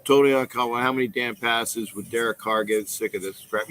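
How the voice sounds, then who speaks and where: A man's voice: medium pitch, steady tone, fast, fairly bright tone, a little hiss or hum, rough recording. Middle-aged male host, casual livestream, rambling delivery, repeats lines, mid-range voice. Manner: rambling, repeats himself, reads viewer comments aloud. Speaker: host of a fan call-in livestream. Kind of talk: casual live-stream fan talk.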